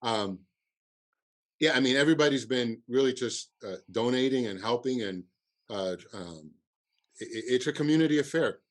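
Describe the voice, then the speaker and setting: Halting man with a Cuban accent. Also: medium pitch. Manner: halting, repeats words, many fillers. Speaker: comedy festival producer. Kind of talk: casual podcast interview.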